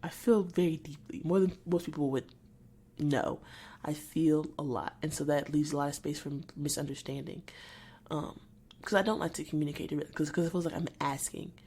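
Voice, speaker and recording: Irritated woman venting, low and mellow. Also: fairly even intonation, slightly rough. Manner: irritated, venting, halting with many restarts. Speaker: podcast host. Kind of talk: solo podcast monologue.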